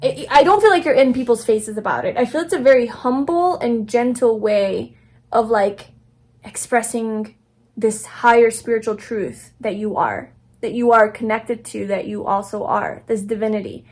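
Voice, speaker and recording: A woman's voice: a little high, normal speed. A young woman giving a casual pick-a-card tarot reading, rambling and affirming, with many fillers and restarts. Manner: soft, affirming, gentle delivery. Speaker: tarot reader.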